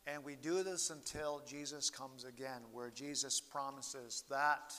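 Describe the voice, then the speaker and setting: A male pastor preaching with slow, earnest deliberation, his voice rising and sinking in volume. His tone is bright and fairly high for a man. The sound carries a long hall reverb. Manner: slow, earnest preaching with sweeping rises and drops in loudness. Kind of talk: sermon.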